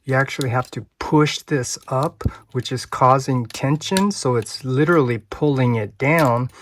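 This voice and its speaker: A man reviewing a toy hands-on, thinking aloud in an unhurried, hesitant way and chuckling often. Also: medium pitch. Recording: steady background noise.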